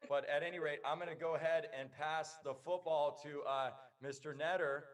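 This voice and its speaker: A man's voice: a little high, fairly even intonation, brisk, far from the mic. A man co-hosting a town hall over a video call, loose and joking. He rambles through his thoughts and sits a little back from the mic. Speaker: co-host. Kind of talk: casual video-call chat.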